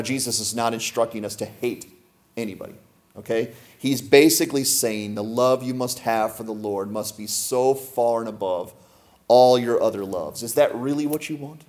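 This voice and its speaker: A man's voice: medium pitch, a little mellow. A man preaching a sermon to a congregation, emphatic and full of rhetorical questions. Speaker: pastor.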